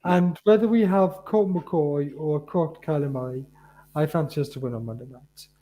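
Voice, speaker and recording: A man's voice: on the high side, normal speed, mellow, slight background noise. A man from the UK chatting on a podcast as a co-host, laying out his points in an earnest, methodical way. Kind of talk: casual podcast chat.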